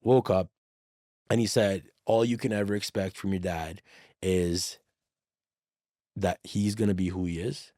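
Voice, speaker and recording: A man telling a personal story in a casual podcast conversation, animated, swearing freely and acting out the dialogue. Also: low-pitched, measured pace, pauses often, no room sound, studio quality. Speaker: podcast guest.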